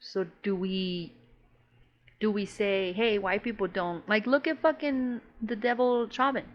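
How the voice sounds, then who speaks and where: Woman, podcast co-host, casual chat, blunt, sweary, slangy, middle pitch, slightly muffled audio. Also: a little slow. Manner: blunt, swears freely, says bro often.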